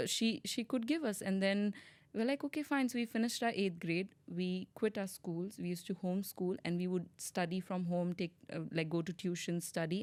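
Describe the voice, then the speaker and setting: Brief: young woman from india, low-pitched, lively storyteller, close dry sound. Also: no room sound. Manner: animated storytelling, acts out quoted voices. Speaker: podcast guest. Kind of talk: casual interview chat.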